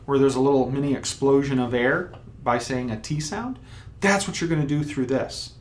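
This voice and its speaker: Against a faint background hum, a trumpet teacher of ordinary pitch leads a beginner through a video lesson one step at a time. He's patient, demonstrating rhythms by speaking out beats and syllables.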